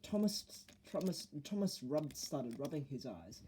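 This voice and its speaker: Improvising storyteller, lively pitch, stumbles and restarts. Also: a little hiss or hum, rough recording. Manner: halting, restarts lines.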